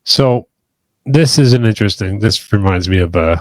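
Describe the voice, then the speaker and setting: A podcast co-host with a lowish, animated male voice talks casually at a normal pace, rambling, hedging and restarting often, in a recording with no echo.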